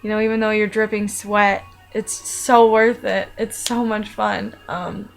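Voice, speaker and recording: A woman's voice: mid-range voice, level tone, a little slow, gravelly, soft background music, low-quality recording. A young adult woman talking casually about her own life, rambling and chatty with many fillers and restarts. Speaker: vlogger. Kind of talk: casual personal monologue.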